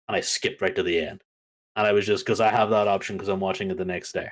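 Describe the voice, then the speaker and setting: A man co-hosting a casual wrestling chat, telling stories with lively acted-out reactions. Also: deep voice, quick pace. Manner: animated storytelling, acts out crowd reactions. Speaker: podcast co-host.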